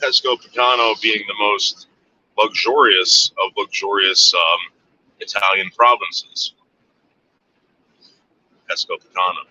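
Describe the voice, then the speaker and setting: A man's voice: fairly low pitch, fairly even intonation, unhurried, sharp tone, muffled recording. Brash, tense-voiced American man rambling. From United States. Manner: crude, meandering, offhand. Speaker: livestream host. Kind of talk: casual rambling monologue.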